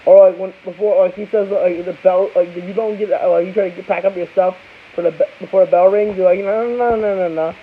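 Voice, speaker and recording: High-voiced young man rambling through a story. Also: flat delivery, fairly quick. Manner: rambling, with many restarts and asides. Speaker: vlogger. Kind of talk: casual storytelling. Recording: tinny phone-like audio with faint hiss.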